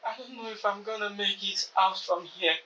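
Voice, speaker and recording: A young man, playing a weak student in a hospital bed who pleads in a halting way and repeats himself. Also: high voice, bright, forceful tone, rough recording. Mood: pleading. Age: young adult. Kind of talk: film acting.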